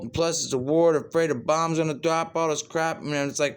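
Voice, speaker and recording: A man's voice: a little high, fairly even intonation, a little fast, hardly any pauses, clean tone. A man in a rambling monologue who tags nearly every phrase with "man" and often puffs out breaths and sighs.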